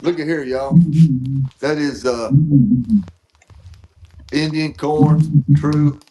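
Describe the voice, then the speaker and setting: A man's voice: a little high, fairly even intonation, very slow, warm tone, soft background music, poor audio. A man hosting a casual live-stream chat, rambling and correcting himself as he goes. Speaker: host.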